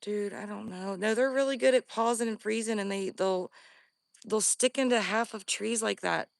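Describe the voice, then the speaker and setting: A frightened woman films on her phone out in the woods, her voice jittery and breathy as she slips between low talk and hushed whispers. The sound is close and dry, with no room around it. Her pitch stays in an ordinary middle range. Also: normal speed, dry recording. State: breathing heavily from fear. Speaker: paranormal vlogger. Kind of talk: live outdoor investigation vlog. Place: woods outdoors.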